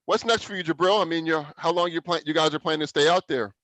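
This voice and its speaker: A laid-back man hosts a casual podcast interview and chats easily with his guest. His voice sits at a middle pitch. The sound is dry and close, with no room echo. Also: fast, hardly any pauses, sharp tone. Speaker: podcast host.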